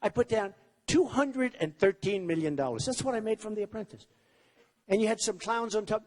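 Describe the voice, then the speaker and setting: A man's voice: high voice, big pitch swings, brisk, a little mellow, long reverb tail. A man giving a campaign rally speech, rambling, repetitive and boastful. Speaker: presidential candidate. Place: large rally venue with crowd.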